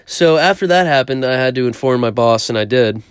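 A man's voice: mid-range voice, expressive, a little fast, smooth, no room sound, studio quality. A young man casually telling a story about himself, rambling, swearing often and poking fun at himself. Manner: profane, rambling, self-mocking.

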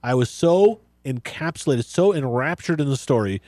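A man's voice: mid-range voice, expressive, moderate pace, mellow, no echo. A middle-aged man hosting a casual group chat, teasing and playful. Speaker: podcast host.

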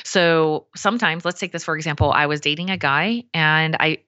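A woman with a low-pitched voice chats as a podcast guest, animated and open, often putting on short voices for her own thoughts. The sound is close and dry, a little dull and lo-fi. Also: moderate pace, dry recording. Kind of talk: casual podcast conversation.

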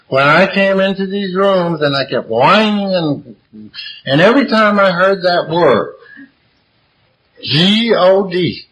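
Before a gathered audience in a meeting room, a man tells his recovery story bluntly and profanely, hammering his points through repetition. His voice is fairly high and fairly bright, and the rough recording carries a little hiss or hum.

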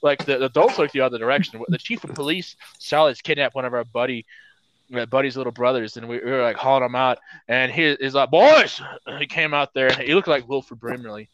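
A man's voice: mid-range voice, fast talker. A man in his twenties co-hosting a podcast, telling stories in casual chat with lots of swearing and acted-out quotes. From Midwestern United States. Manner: animated storyteller, swears a lot, acts out quotes. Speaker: podcast co-host. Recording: dull, lo-fi dry sound.

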